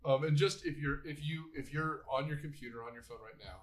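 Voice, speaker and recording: A man hosts a laid-back horror movie podcast. His voice sits a little high, and he talks in an animated, joking way with frequent laughs. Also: brisk. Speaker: podcast host. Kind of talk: casual movie review chat.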